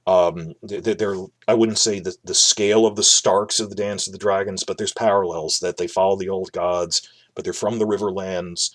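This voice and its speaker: In a casual reaction video, a male host with a lowish, fairly bright voice and no echo rambles through his thoughts about an episode, restarting his sentences often.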